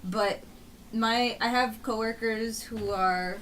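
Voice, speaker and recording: High-voiced woman chatting casually. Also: fairly even intonation, slow, fairly bright tone, a little hiss or hum, rough recording. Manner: loose and chatty, breaks into laughter. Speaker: podcast co-host. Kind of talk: casual chat.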